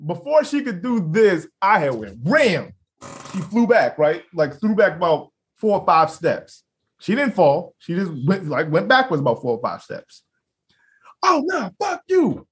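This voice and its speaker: Speaking at a moderate pace in a high-pitched voice, a young man co-hosting a relaxed podcast spins an animated tale. He laughs, curses liberally, and voices the quotes of everyone involved.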